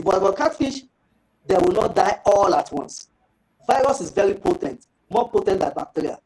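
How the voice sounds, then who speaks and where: A man giving a fish farming training talk, lively and rhetorical, acting out little dialogues. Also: high voice, poor audio.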